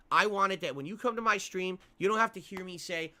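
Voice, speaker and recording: A man's voice: sits high, a little fast, hardly any pauses, bright, forceful tone. A male streamer venting to his viewers on a livestream, angry and profane, repeating himself as he rants.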